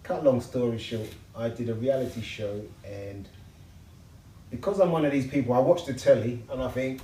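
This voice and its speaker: A man's voice: mid-range voice, normal speed, far from the mic, a little hiss or hum. Upbeat storytelling man, echoey room. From England. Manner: lively storyteller, slangy and upbeat. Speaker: interview guest, builder and TV personality. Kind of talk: casual interview chat.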